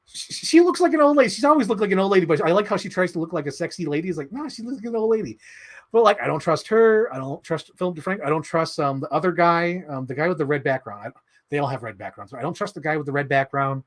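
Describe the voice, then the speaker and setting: A man's voice: a little high, expressive, fast talker. A man hosting a live stream, chatting casually in a rambling, opinionated way and swearing often. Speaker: livestream host.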